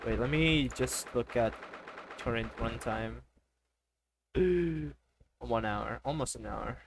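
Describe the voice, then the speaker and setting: A woman's voice: a bass voice, slow, background noise. A woman streamer playing a story game, reading dialogue aloud with joking asides. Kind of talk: playthrough with read-aloud dialogue.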